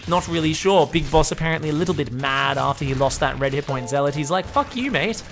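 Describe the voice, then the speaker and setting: A man's voice: a little high, little pitch movement, fast talker, music in the background. A man giving comedic game commentary, profane, joking and sarcastic.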